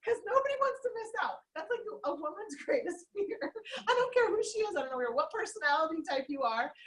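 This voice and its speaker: A woman's voice: very high voice, lively intonation, brisk, a bit bright, low-quality recording. A woman leading a sales team meeting, chatty, laughing often and acting out little quotes. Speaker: team leader. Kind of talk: team meeting pep talk.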